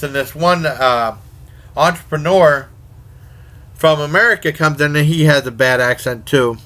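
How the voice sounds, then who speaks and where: A man's voice: on the high side, pushed and bright. A man casually reviewing horror movies, rambling along with many fillers and self-corrections.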